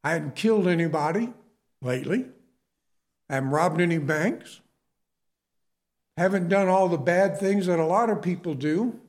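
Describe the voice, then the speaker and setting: A man's voice: high-pitched, moderate pace, pauses often. A middle-aged man preaching a sermon, telling his own story in a conversational way and asking the listeners questions.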